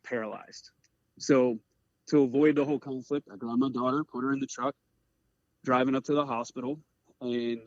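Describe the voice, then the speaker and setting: On a podcast, a career firefighter from the Eastern Shore of Maryland, in his forties, recounts his personal story earnestly, stopping and starting with plenty of "like." His voice is a little mellow at an ordinary middle pitch for a man. Recorded dry and slightly muffled, with no room sound.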